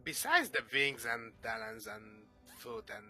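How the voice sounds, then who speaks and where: A man playing a warped, winged psyker who sidesteps every question. The voice is sharp and bright and swoops wildly in pitch, dropping to whispers and jumping to high squeaks in a tabletop game, with faint music behind. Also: very animated, unhurried, full character voice. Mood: evasive. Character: warped winged male psyker, cagey and odd. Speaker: tabletop player. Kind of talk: in-character tabletop role-play.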